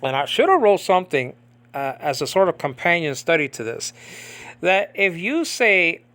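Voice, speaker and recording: A man teaching an informal Bible study, rambling with many fillers, often asking if the listener understands, and reciting verses slowly and deliberately. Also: a little high, big pitch swings, pushed and bright. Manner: rambling, many fillers, keeps asking "you understand what I'm saying?". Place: in the Philippines.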